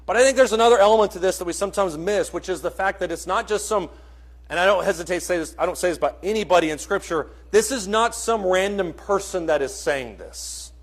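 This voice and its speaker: A man preaching a sermon in a church, earnest and questioning, swinging between soft and loud. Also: sits high, quick pace.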